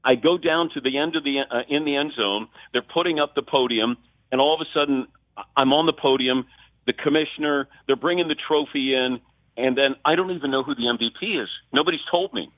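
A man's voice: medium pitch, fairly quick, no room sound. Man on a tinny phone line. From Ohio. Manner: animated storyteller, acts out quotes. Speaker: sportscaster guest. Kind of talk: phone-in radio interview, storytelling.

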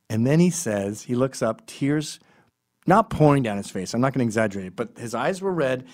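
Profane, rambling male storyteller. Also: mid-range voice. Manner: rambling, profane, deadpan asides. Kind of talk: comedic storytelling monologue.

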